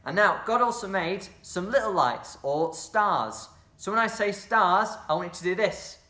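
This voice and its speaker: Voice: mid-range voice, animated, moderate pace, pushed and bright, reverberant. A drama workshop leader guiding children through a movement game, encouraging them and making playful sound effects.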